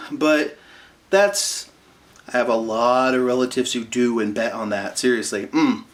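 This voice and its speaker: In a relaxed recap of a cartoon episode, a male reviewer rambles, tosses in asides and fillers, and does quick impressions of the characters. His voice is medium in pitch.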